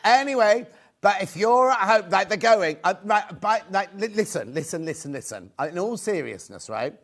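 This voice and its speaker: A man presenting a live TV shopping show, rambling and excitable as he pleads with viewers to buy. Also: high-pitched, normal speed. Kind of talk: live TV sales pitch. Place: TV studio.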